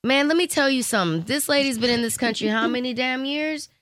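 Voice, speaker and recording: A woman with Colombian roots co-hosting a casual chat, animated and blunt, swearing freely. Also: sits high, fairly quick, no echo, studio quality. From Colombian family. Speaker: podcast co-host.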